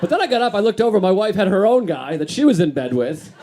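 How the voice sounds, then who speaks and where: Guy doing standup, dry and grumpy, kinda high voice. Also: sing-song, quick pace, warm tone, slight background noise. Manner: dry, grumpy, self-deprecating. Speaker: stand-up comedian. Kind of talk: stand-up comedy set. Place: comedy stage before a live audience.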